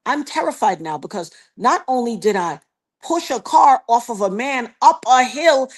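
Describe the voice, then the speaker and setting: Emphatic woman telling a dramatic story. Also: high voice. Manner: emphatic, addresses listener directly, acts out quotes. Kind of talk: animated personal storytelling.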